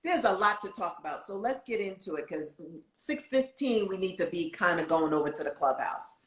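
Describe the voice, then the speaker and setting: A woman co-hosting a casual talk show, chatting and recounting events with animated energy. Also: lowish voice, a little fast, roomy sound, poor audio. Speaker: co-host.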